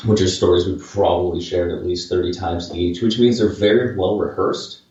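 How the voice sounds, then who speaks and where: A man's voice: low voice, fairly even intonation, normal speed, a little mellow. A man in his late twenties co-hosting a podcast. He talks casually, rambling and poking fun at himself, with many fillers and restarts. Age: late 20s. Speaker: podcast co-host, paranormal investigator. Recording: distant, very echoey, muffled mic.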